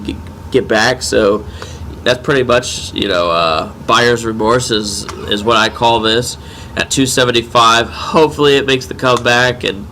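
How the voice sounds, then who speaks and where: A congested man talking casually through his trading bot settings, rambling with halting restarts. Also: mid-range voice, bright, forceful tone, slight background noise. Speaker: crypto trading bot vlogger. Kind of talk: casual screen-share commentary.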